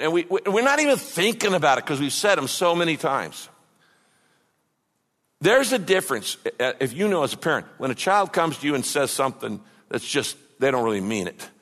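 Male pastor, somewhat high voice, passionate sermon with big dynamic swings, church hall echo. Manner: impassioned preaching, swings from loud cries to mocking mumbles. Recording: long hall reverb.

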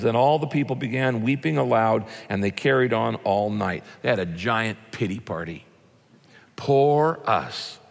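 A man preaching a sermon as pastor, earnest and emphatic, rising to loud peaks and dropping low and quiet. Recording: long hall reverb.

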